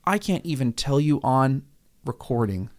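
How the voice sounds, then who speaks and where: A man's voice: mid-range voice, lively intonation, unhurried. A man, co-hosting a church podcast and speaking earnestly, getting worked up about church conflict. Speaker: ministry leader and podcast co-host. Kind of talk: casual podcast conversation.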